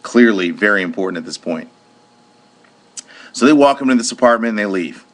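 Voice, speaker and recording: A man's voice: lowish voice, animated, brisk. A man working as private security, recounting a personal incident in a plain-spoken way. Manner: plain-spoken, retells with acted-out quotes.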